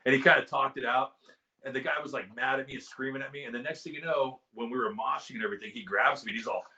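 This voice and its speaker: A man in his fifties telling a wild story in casual chat on a video call, animated and excitable. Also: medium pitch, quick pace, highs cut off. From California. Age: 50s. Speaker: guest musician.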